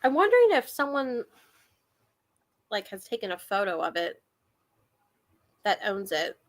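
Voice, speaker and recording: A woman's voice: medium pitch, very animated, measured pace. A woman hosting a book club chat, rambling and giggly, with lots of fillers. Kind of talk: casual chat.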